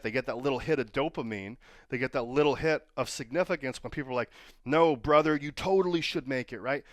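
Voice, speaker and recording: A man's voice: mid-range voice, no echo, clean studio sound. A man who trains pro wrestlers tells stories and gives casual advice, often checking in with the listener by asking "right?". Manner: storytelling, keeps asking "right?".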